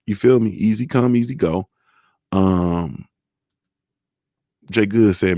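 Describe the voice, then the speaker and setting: A man's voice: on the low side, slow pace, pauses often, dark tone, no room sound, clean studio sound. Loose, profane man riffing on boxing, AAVE. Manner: loose, profane storytelling with slang. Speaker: show host. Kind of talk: casual live-stream boxing talk.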